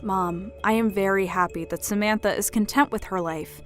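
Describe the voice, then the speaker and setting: A woman's voice: medium pitch, fairly even intonation, normal speed, soft background music, close to an everyday voice. A woman voicing a young career woman who answers her mother politely but firmly. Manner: polite but firm, standing her ground.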